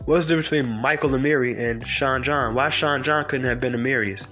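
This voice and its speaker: A man's voice: mid-range voice, a little fast, bright, forceful tone, faint music behind. A man hosting a podcast, delivering a heated, profane, confrontational rant. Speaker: podcast host. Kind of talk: ranting monologue.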